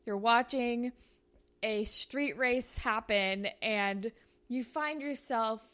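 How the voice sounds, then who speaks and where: A woman's voice: a little high, slow, a bit bright. A woman hosting a podcast, telling a story in a chatty, casual way full of "like" fillers. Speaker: podcast host.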